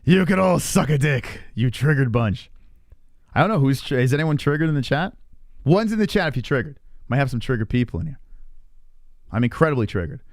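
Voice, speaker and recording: A man's voice: medium pitch, animated, a little fast, dry recording, clean studio sound. A man hosting a live stream, chatting casually and teasing his chat with lots of swearing. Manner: profane, teasing, rambling with restarts.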